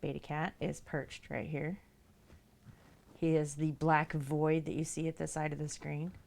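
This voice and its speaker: A creaky, darkish female voice with flat delivery and a measured pace chats casually on a livestream. She laughs frequently and reads viewers' messages aloud. When she speaks to her cats, she turns high and sing-song.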